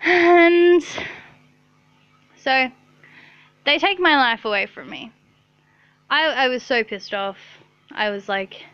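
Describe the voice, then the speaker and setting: A woman's voice: sits high, slow pace, pauses often, smooth, dry recording, dull audio. A young woman telling a rambling story to her camera in her bedroom, swearing often and saying "like" a lot. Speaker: vlogger. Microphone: own camera.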